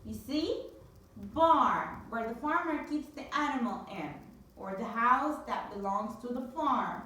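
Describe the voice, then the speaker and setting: A woman teaching a phonics lesson to young children, with drawn-out, sing-song repetition drills. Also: on the high side, animated, sharp tone, far from the mic, a little hiss or hum. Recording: very echoey room, voice from off-mic.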